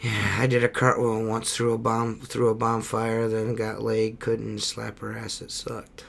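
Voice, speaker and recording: Bright-voiced crude podcast host. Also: male voice, on the low side, completely flat delivery, measured pace, creaky. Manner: crude, profane storytelling with frequent laughs. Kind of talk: casual chat.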